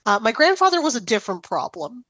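A woman's voice: a little high, fast, no echo, lo-fi sound. Woman host, casual storyteller, dry close sound. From Italian-American family. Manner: animated storytelling. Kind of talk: casual chat.

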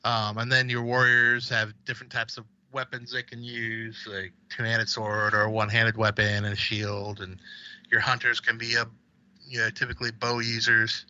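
A man's voice: medium pitch, little pitch movement, moderate pace, pushed and bright, lo-fi sound. A man co-hosting a podcast, chatting casually about video games in a rambling way with restarts. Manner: rambling, with many fillers and restarts. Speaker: podcast co-host.

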